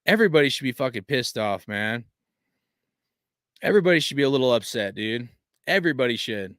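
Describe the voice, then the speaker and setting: A man's voice: medium pitch, lively intonation, fairly quick, a bit bright, no echo, studio quality. A man hosting a fan stream, venting in a frustrated, profane rant full of fillers while reading chat, tired after a long day. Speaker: fan channel host.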